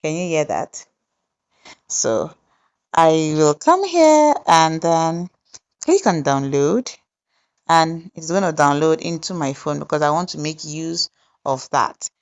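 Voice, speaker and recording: A woman hosting a software tutorial, explaining each step deliberately and pausing with fillers as she goes. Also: sits low, expressive, highs cut off. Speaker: tutorial host. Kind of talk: screen-recorded software tutorial narration.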